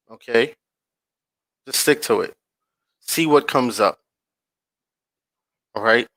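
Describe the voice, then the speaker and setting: A man with a bright, forceful voice talks at a slow, deliberate pace while reading from a screen to his online audience. He stops often to check in with his viewers in relaxed slang. The sound is dry and close, with no room echo. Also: mid-range voice. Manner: slow, drawn-out reading with frequent checks to the listeners; addresses viewers directly in casual slang. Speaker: online channel host. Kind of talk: casual commentary reading from a screen-shared page.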